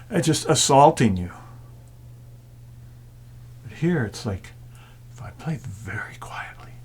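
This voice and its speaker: A man of middle pitch with a gravelly, husky voice. He talks calmly about his gong playing and often sinks into a hushed whisper to draw the listener in. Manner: reflective, drops often into a soft whisper to show quiet sound. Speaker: gong player and sound healer. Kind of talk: casual talk to camera.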